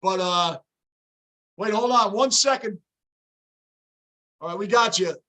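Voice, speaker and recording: A high-pitched, bright-voiced man hosting a fan livestream, his voice raw and hoarse from days of yelling. He reacts to the game with big emotion, shouting at the play and greeting chat viewers by name in loose, rambling talk. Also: takes it slowly. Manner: chats with viewers by name, off topic. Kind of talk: casual live reaction chat.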